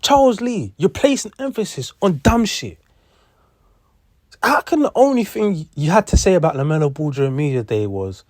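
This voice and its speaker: A man's voice: high voice, big pitch swings, moderate pace, no echo, studio quality. A young man, ranting in heated sports commentary, repeating himself and swearing. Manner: heated, repetitive, profane.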